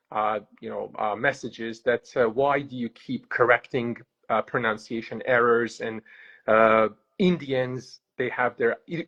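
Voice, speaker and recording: A man's voice: medium pitch, a bit bright, slightly rough, muffled recording. A man with an American accent hosting a casual interview, hesitant and full of filler sounds, heard over a video call. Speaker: host.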